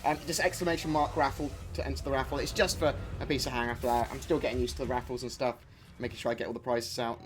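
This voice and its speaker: A man's voice: mid-range voice, steady tone, fast talker. A man livestreaming a game, chatting casually, joking and swearing at it while answering chat. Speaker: game streamer.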